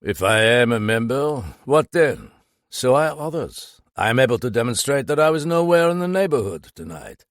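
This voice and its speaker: A man voicing a smooth, composed wealthy club owner in an audiobook, urbane and measured. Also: mid-range voice, big pitch swings, no room sound, studio quality, voice pushed up. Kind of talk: audiobook character voice.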